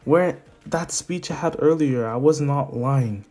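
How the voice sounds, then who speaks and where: A man voicing an earnest young male hero who speaks slowly and sincerely to reassure a rival. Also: fairly high pitch, dark tone, soft background music, natural voice.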